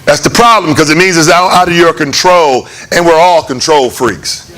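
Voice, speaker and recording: Male pastor, sermon, lively storytelling delivery, higher bright voice. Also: moderate pace. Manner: animated, conversational, acts out voices with laughs. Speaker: preacher. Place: church hall.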